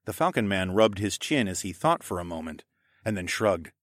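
A man narrating a first-person fantasy adventure audiobook in an expressive, wry and profane manner. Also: low voice, moderate pace, dry recording, studio quality.

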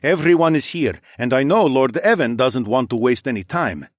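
A man voicing an eager young male warrior companion in a read-aloud story, speaking briskly. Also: medium pitch, expressive, no room sound, studio quality, close to an everyday voice.

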